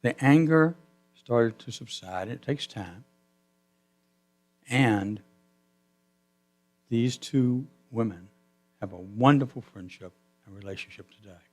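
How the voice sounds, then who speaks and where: Male pastor, storytelling sermon in a church, mid pitch, voice rises and falls. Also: expressive, slow, long pauses. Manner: storytelling, voice swelling and dropping to a hush. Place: church sanctuary.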